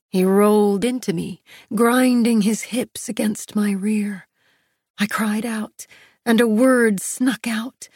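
A woman narrating a first-person romance audiobook in a soft, breathy, intimate way, close to the mic. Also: fairly high pitch, no room sound.

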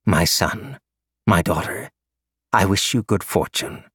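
A fond older father who sighs and fusses with mock exasperation, as the narrator puts him on. He speaks in a low, plain voice, close and dry. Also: slow, fairly bright tone, slightly rough, dry recording, full character voice. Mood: gentle. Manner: exasperated sighing.

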